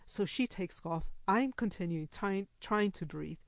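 A woman storyteller telling a personal story to a live audience, animated and laughing as she acts out the quoted speech. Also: fairly low pitch, moderate pace, hardly any pauses, no room sound.

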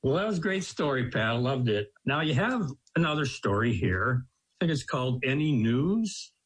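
Male host, husky voice, animated pitch, friendly chat. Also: normal speed. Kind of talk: casual interview.

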